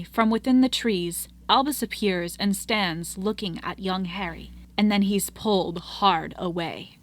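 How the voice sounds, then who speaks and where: A woman reviewer retelling a play with animated storytelling and her own commentary. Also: mid-range voice. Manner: animated storytelling, acts out scenes. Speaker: book reviewer.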